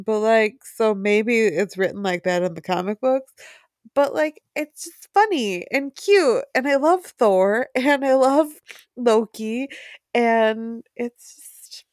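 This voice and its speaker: A woman's voice: a little high, no room sound, clean studio sound. A woman co-hosting a casual podcast chat, giggly and rambling, pressing her points with emphasis. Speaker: podcast co-host.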